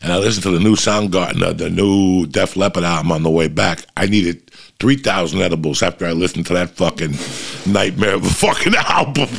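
With a low, creaky voice and a brisk pace, a middle-aged man on his podcast tells long-winded, profane, animated stories to listeners.

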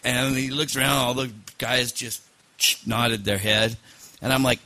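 A man's voice: medium pitch, fairly even intonation, unhurried, pushed and bright, no echo. A man hosting a podcast, telling a personal story casually, rambling with fillers and restarts. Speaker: podcast host.

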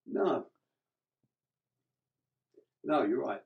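A man's voice: mid-range voice, expressive, drawn-out words, creaky, narrow, tinny audio. A man with an English accent, co-hosting a radio show in casual chat, talking freely and laughing often. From England.

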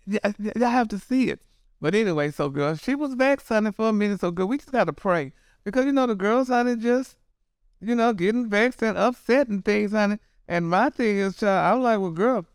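Sassy high-voiced gossip host, man. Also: a little fast, clear, resonant tone, no room sound, clean studio sound. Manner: sassy, dramatic, keeps saying honey and girl. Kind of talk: casual gossip commentary.

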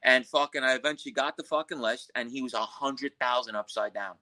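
Blunt, bright-voiced New man. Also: mid-range voice, brisk, poor audio. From Queens, New York. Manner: blunt street talk, profane. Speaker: podcast guest. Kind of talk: storytelling interview.

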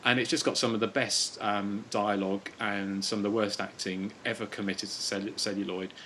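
Guy hosting a podcast, kinda low voice, rambly, lots of ums, bit of hiss behind. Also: little pitch movement, moderate pace, sharp tone. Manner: rambling, chuckling, quotes films with mock moans. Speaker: podcast host. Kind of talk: casual podcast chat.

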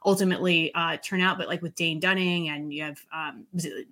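A woman's voice: lowish voice, steady tone, a little fast, pushed and bright. A woman guest on a casual podcast, talking hesitantly with many ums and likes. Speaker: guest analyst.

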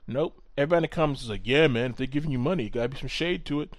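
A man's voice: mid-range voice, racing, dry recording. A man co-hosting a podcast in casual chat, talking in a profane, sarcastic, ranting way. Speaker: podcast co-host.

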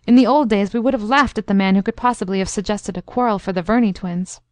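A woman's voice: mid-range voice, fast, no echo, studio quality, natural voice. A woman reading as a hearty old colonel. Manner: hearty, gracious. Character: warm, courtly old male colonel.

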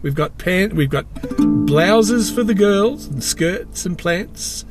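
A man's voice: high-pitched, animated, slow pace, soft background music, pitched above the performer's own voice. A man impersonating a flamboyant male fashion designer with a put-on British accent, camp and gushing.

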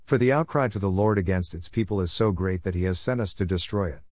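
Male reader as urgent commanding messengers, low voice. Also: fast talker, darkish tone, dry recording, clean studio sound.

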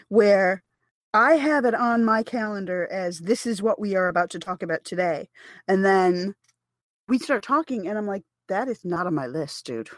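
A woman podcast host talks in a loose, animated, self-deprecating way and laughs easily. Her voice sits at an ordinary middle pitch. She is recorded close and dry, with no room sound. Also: no room sound. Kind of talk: casual podcast chat.

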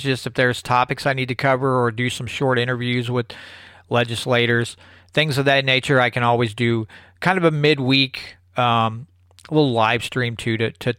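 A man's voice: medium pitch, pushed and bright, clear, resonant tone, no echo, clean studio sound. Rambling Midwestern man hosting a show. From Missouri. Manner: rambling, with many fillers and restarts. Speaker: live stream show host. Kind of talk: casual closing announcements. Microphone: own microphone at a desk.

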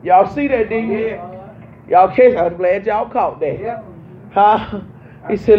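A woman's voice: medium pitch, slow. A young woman pastor preaches to her congregation in call-and-response, hammering the same phrases again and again. The recording is muffled and a little lo-fi, with a faint hiss of background noise behind her. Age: young adult. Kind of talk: preaching a sermon.

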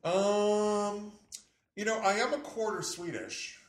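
A man's voice: sits high, takes it slowly, roomy sound. A man co-hosting a podcast, chatting casually in a playful, teasing way and laughing often. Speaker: podcast co-host. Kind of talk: casual chat.

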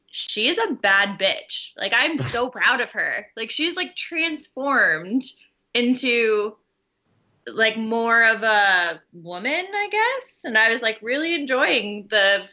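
Female podcast guest, casual chat with many fillers, bright and animated tone. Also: on the high side, slow pace, highs cut off. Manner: frequent "like" fillers, enthusiastic.

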